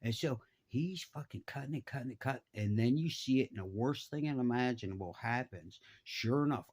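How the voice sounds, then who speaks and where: A middle-aged man, telling a profane, animated story and jumping his voice around to act out the people in it. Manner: animated, profane, acts out voices with big pitch jumps. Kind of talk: casual storytelling.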